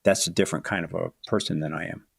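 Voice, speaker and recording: Deep gravelly man, thoughtful and halting. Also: steady tone, no room sound, clean studio sound. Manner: thoughtful, halting, many restarts and "you know"s. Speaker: author guest. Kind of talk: reflective interview talk.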